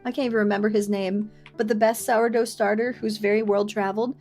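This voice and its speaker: Animated woman streamer reading and chatting. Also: mid-range voice, fairly quick, soft background music. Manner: animated, expressive storyteller. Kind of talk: live-streamed game reading and chat.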